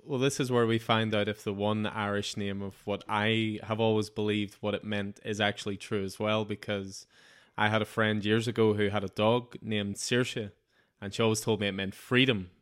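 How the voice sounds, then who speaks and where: A man interviewing a guest, asking relaxed, curious questions in casual chat. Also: on the low side, normal speed, clean tone.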